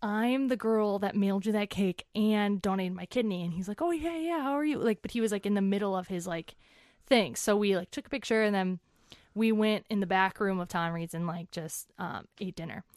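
A woman's voice: medium pitch, steady tone, normal speed, darkish tone, clean tone, no echo, clean studio sound. A woman in her twenties, an interview guest, animatedly telling a chatty story and acting out what people said.

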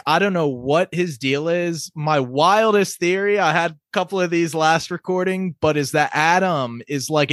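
A young man chats loosely about a TV show, excitable and joking, his voice sitting a little high. The sound is close and dry, with no room around it. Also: no echo. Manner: excitable, jokey, quick asides. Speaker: podcast co-host. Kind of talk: casual TV recap chat.

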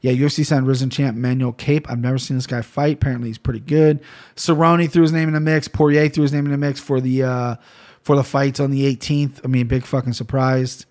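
A man talking straight to camera at a mid-range pitch, loose and unscripted. He rambles, swears often, and breaks into loud bursts of mock outrage before settling back down. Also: flat delivery, a little fast. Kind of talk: casual solo rant about gear and fight news.

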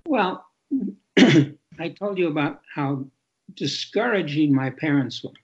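An older man, an author being interviewed, talking candidly in a reflective, halting way that often repeats words. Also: fairly high pitch, expressive, a little mellow, slightly rough, dull audio.

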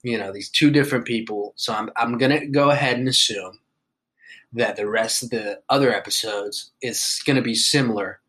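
Bright-voiced joking male podcaster. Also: medium pitch, normal speed, low-quality recording. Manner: joking, profane, laid-back banter. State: just woke up, coughing. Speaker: podcast host. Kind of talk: casual podcast monologue.

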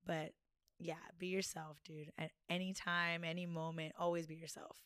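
Young woman, podcast guest, laid-back, slangy, lowish smooth voice. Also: level tone, moderate pace, a bit bright, no echo, clean studio sound. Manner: laid-back, says "dude" and "like" a lot. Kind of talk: casual podcast interview.

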